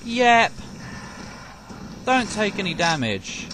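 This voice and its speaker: A man's voice: medium pitch, expressive, a little slow. A young man doing let's play commentary, sarcastic, talking to enemies and swearing and yelping when hit. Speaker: gaming commentator. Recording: noisy game background.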